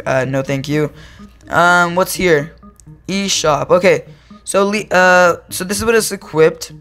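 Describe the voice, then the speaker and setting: A man's voice: fairly high pitch, a bit bright. A teenage boy giving casual, rambling commentary over his gameplay, often stopping to correct himself. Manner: rambling, self-correcting, easily amused. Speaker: gaming YouTuber.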